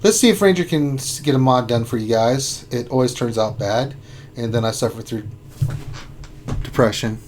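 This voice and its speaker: A man hosting a casual gaming livestream, playful and excitable, teasing his co-host. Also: medium pitch, moderate pace, a little hiss or hum.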